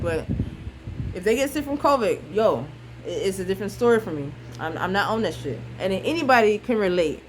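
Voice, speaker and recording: A woman's voice: medium pitch, a little hiss or hum, rough recording. A young woman venting on a vlog, frustrated and blunt, repeating herself and swearing freely. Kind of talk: emotional casual monologue.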